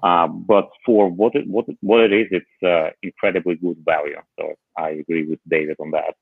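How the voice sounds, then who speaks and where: A man on a podcast panel chatting casually about tech, halting often with filler pauses. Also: low-pitched, steady tone, creaky, slightly rough, no echo. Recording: tinny phone-like remote line.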